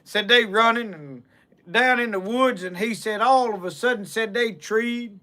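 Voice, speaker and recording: High-voiced Southern storyteller spinning a tall tale. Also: male voice, measured pace, sharp tone. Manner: drawling, repeats "said" constantly.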